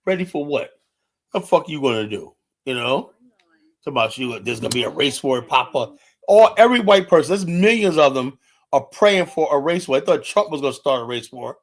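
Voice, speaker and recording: A man streaming a heated, casual rant, blunt and profane, with constant "you know" fillers. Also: fairly high pitch. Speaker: live streamer.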